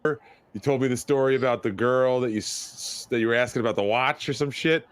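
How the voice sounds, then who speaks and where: A man chiming in during a loose podcast conversation, nudging the guest back to his stories with offhand questions. His voice is smooth and resonant at a middling pitch. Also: a little fast. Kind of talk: casual chat.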